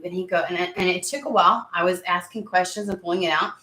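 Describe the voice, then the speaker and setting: A woman in her thirties talks casually to her viewers, rambling through her story with plenty of fillers and restarts. Her voice is bright and forward. The sound rings in an echoey room. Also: on the low side, racing, few pauses, soft background music. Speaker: tarot reader and channel host. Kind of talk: casual chat to camera.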